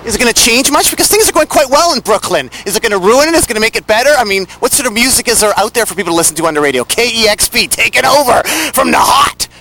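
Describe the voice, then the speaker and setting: Male interviewer, high sharp voice, animated and playful, light traffic hum behind. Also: rapid-fire, hardly any pauses. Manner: jokey, animated questioning.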